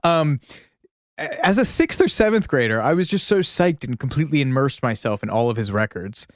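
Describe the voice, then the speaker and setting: A man's voice: medium pitch, expressive, brisk, dry recording, studio quality. A man co-hosting a podcast in casual chat, talkative, laughing often and slipping into playful voices. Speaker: podcast co-host.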